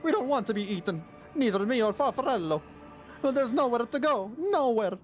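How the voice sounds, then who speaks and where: A man's voice: very high-pitched, expressive, a little fast, soft background music, voice pushed up. A man voicing a frightened male voidsent demon in a put-on Italian accent, talking with panicky urgency. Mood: panicked.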